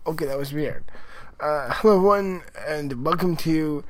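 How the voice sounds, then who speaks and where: Rambling, excitable man reviewing a show. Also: on the high side, moderate pace, poor audio. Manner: rambling and excitable, with many fillers and restarts. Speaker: TV episode reviewer. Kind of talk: casual spoken review.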